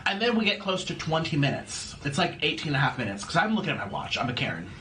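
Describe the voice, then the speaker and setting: A man talking casually to camera as a YouTuber, animated and playful, slipping into silly rhymes and sing-song repeats. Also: fairly high pitch, quick pace, noisy background.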